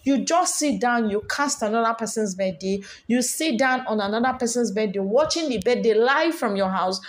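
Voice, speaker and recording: A woman chats straight to her viewers in a casual commentary vlog. Her voice sits fairly high, and she sounds exasperated and talkative as she addresses the audience directly. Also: expressive, normal speed. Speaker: YouTube host.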